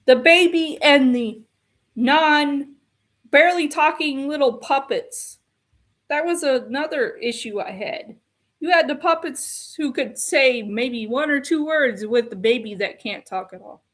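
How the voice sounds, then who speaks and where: A woman's voice: sits high, unhurried, a bit bright. A woman giving an exasperated, ranting film review, repeating her complaints in a casual tone.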